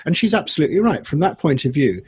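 A man's voice: on the high side, sing-song, quick pace, a little mellow, husky. A man, a documentary filmmaker, talking through his ideas as an interview guest, musing and argumentative with many restarts. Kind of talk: animated interview talk.

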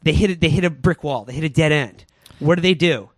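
A man tells a movie plot as a sarcastic, rambling comedy recap. His voice sits a little high, and the sound is dry and close. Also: fast talker, no echo. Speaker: podcast host.

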